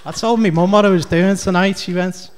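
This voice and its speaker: A man's voice: sits high, steady tone, fairly quick, slight background noise. A man with a Scouse accent doing a rambling, chatty stand-up comedy set on a club stage. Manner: rambling, chatty, heavy on fillers.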